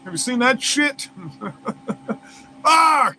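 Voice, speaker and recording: A man's voice: high voice, expressive, normal speed, background noise. A man reads news aloud and breaks off into heated, profane, incredulous rants as a commentary host. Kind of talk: reading news aloud and ranting over it.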